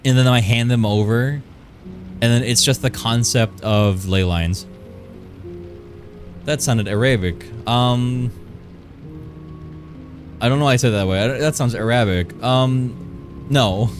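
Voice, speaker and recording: A man's voice: medium pitch, measured pace, pauses often, music in the background. A man streaming live, chatting playfully with his viewers and rambling while he draws. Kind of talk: casual live-stream chat while drawing.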